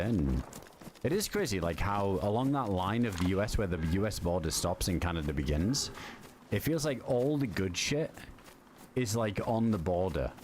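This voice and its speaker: Deep-voiced rambling streamer. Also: male voice, darkish tone, slight background noise. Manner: rambling, filler-heavy, swears casually. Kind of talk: casual chat while gaming.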